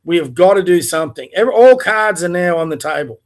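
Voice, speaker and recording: A man's voice: sits high, animated, fast. An Australian man hosting a livestream, delivering an angry, profane political rant with blunt rhetorical questions. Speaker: livestream host. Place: home, in front of a TV.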